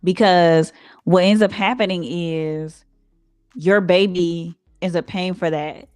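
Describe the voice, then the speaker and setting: A woman co-hosting a casual podcast, giving earnest, measured advice. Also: fairly low pitch, fairly even intonation, darkish tone, no room sound, clean studio sound, faint music behind. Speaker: podcast co-host. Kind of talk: casual chat.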